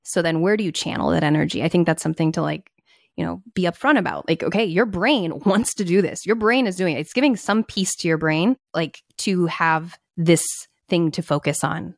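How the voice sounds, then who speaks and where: A young woman co-hosting a casual podcast chat, animated and acting out her own past thoughts. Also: on the low side, a little fast, vocal fry, dry recording, studio quality.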